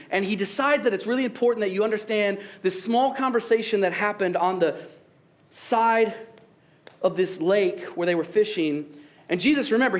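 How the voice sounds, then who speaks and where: A young adult male pastor preaching a sermon in a casual, jokey way, laughing at his own jokes. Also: high voice.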